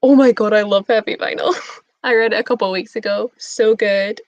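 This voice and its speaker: A woman's voice: medium pitch, fairly even intonation, a little fast, dry recording. A young woman chatting casually on a live stream, bubbly and giggly as she answers her chat. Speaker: booktube streamer. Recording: dull lo-fi stream audio.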